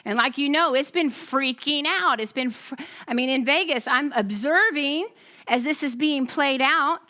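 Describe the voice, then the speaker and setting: A woman pastor, giving a testimony sermon to her congregation as an animated storyteller who acts out the voices she quotes. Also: high-pitched, a little slow.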